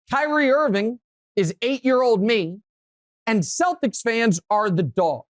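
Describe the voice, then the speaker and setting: A man hosting a sports talk show, telling stories in a casual, animated way, his voice climbing when he gets worked up. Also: very high-pitched, no echo. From Kansas City area, USA.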